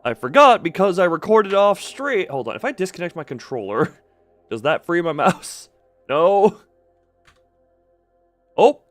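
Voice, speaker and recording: A young man chatting on a game stream with a fairly high voice that swings up and down a lot. He rambles and jokes, tripping over words and restarting sentences as he talks to his viewers. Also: big pitch swings, unhurried, long pauses, a bit bright, no room sound, soft background music. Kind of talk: casual live-stream chat while gaming.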